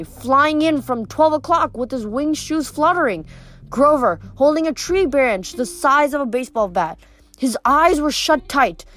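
A woman reading a novel aloud in steady storytelling narration. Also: sits high. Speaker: reader.

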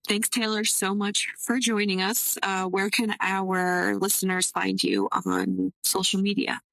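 A woman hosting a podcast, chatting casually and gushing in animated stories. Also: mid-range voice, a little slow, dry recording, poor audio. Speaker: podcast host. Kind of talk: casual interview chat.

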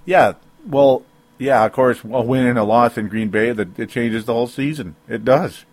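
A man hosts a solo sports opinion show, his voice sitting at an ordinary middle pitch. He rambles, corrects himself and laughs ruefully between points. The recording is dry and close, with no room sound. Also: moderate pace, no echo. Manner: rambling, self-interrupting, frequent rueful laughs. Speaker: sports commentator.

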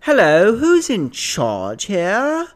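A man's voice: high voice, wildly swooping pitch, voice pushed up, exaggerated voice. A man putting on a haughty British lady. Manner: slow, drawn-out, imperious. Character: haughty indignant British woman complaining.

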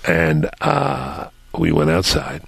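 An older male podcast host with a very deep, gravelly voice and a husky edge. He tells stories in an animated, swooping way. The sound is dry and close. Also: takes it slowly, no room sound. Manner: animated anecdotal storyteller with laughs. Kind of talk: casual storytelling.

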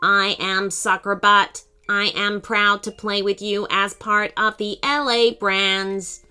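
Soccerbot, a flat robot voice by a woman. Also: medium pitch, slow pace, clean tone, faint music behind. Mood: formal. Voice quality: flat, electronic. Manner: formal, stiff. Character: male humanoid soccer robot, flat electronic voice.

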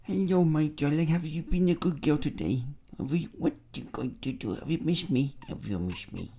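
A man's voice: fairly high pitch, dark tone, voice pushed down, natural voice. A man mockingly imitating the soppy baby talk someone uses with their dog. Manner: slow, swooping, mocking coo.

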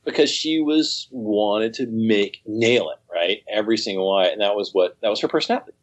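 A man, a cycling coach, talking casually in an interview, animated and rambling, with frequent restarts. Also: lowish voice, brisk.

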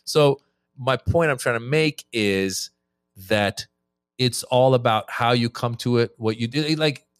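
A comedian appears as a guest on a podcast, telling stories in casual chat and animatedly acting out his crowd-work exchanges with audiences. His mid-range voice is clear and resonant and a little slow, recorded at studio quality with no room sound.

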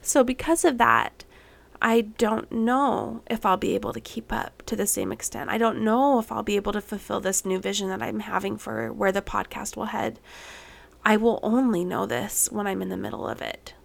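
Woman, 30s, podcast host, late pregnancy, candid rambling monologue, gravelly fry. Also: medium pitch, normal speed. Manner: candid, rambling, many ums, getting emotional.

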